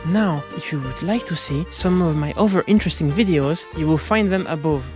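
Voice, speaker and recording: A man's voice: fairly high pitch, brisk, music in the background. A man from France who hosts street interviews, asking passers-by questions and then talking to the camera. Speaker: interviewer and host.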